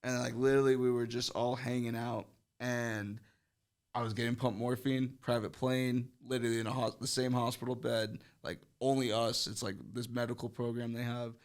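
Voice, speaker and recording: Gravelly young man telling a wild story. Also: mid-range voice, flat delivery, moderate pace. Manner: rambling, heavy on fillers, swearing. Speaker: podcast guest. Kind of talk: casual storytelling.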